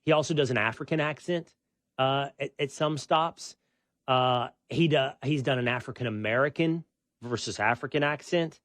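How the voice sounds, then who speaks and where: A man's voice: mid-range voice, normal speed, no room sound, clean studio sound. A man hosting an opinion talk show, making his case in a conversational, argumentative way. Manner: conversational, argumentative, animated when making a point.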